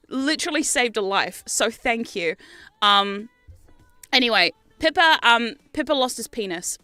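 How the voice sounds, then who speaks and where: A woman's voice: fairly high pitch, unhurried, bright, forceful tone, smooth, no room sound. A young adult woman streaming, chatting casually in a rambling way, laughing often and swearing freely.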